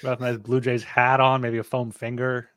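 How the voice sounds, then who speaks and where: A man's voice: mid-range voice, completely flat delivery, normal speed, a bit bright, clear, resonant tone, no echo, clean studio sound. A man co-hosting a sports betting podcast, chatting casually and often repeating words as he talks. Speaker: podcast co-host.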